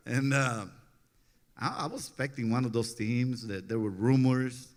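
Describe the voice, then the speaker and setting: A man's voice: mid-range voice, moderate pace. Man in his 40s, easygoing storyteller who laughs a lot and voices other people's lines with energy. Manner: laughs often, animated when quoting others. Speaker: interview guest, former pitcher. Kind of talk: relaxed storytelling interview.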